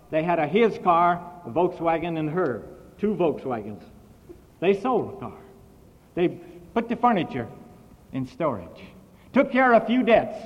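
A man preaching a sermon as a missionary, telling a story with big swings in volume and emphasis. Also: fairly high pitch. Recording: dull old recording, echoey hall.

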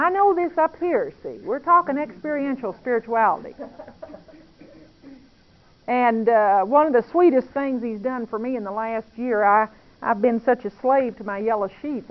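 Woman talking faith and prayer, warm confiding testimony, kinda high, dull old recording. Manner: earnest, intimate, confiding. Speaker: Christian speaker. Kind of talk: testimony-style talk on prayer.

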